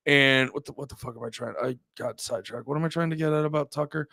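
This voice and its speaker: A young man, hosting a livestream and rambling through loud, profane casual commentary. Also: mid-range voice, fast talker, no room sound. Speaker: livestream host.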